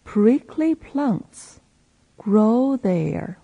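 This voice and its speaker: Female reading teacher, mellow and husky, very slow and lively phrase-by-phrase repetition. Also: a little high, lo-fi sound. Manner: repeats each phrase slowly and clearly after a male reader. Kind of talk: slow read-aloud for learners to repeat.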